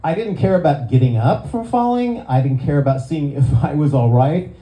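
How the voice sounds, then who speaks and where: A man's voice: on the high side, animated, normal speed, dark tone. An older man doing a stand-up comedy set, self-deprecating and chatty with lots of "uh"s, in a live venue. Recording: roomy live venue sound.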